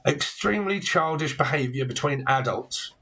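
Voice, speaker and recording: A man's voice: fairly high pitch, lively intonation, moderate pace, pushed and bright, slight background noise. A man giving a casual tarot reading, talking bluntly and rambling, with plenty of swearing and slang. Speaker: tarot reader.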